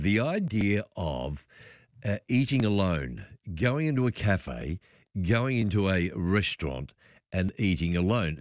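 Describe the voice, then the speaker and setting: Middle-aged Australian man hosting overnight talkback radio. Low voice with a lively, swinging delivery, easygoing and chatty as he takes callers. Close, dry studio sound with no room. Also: no room sound. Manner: relaxed, chatty, takes calls. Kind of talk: late-night talkback radio. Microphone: studio microphone.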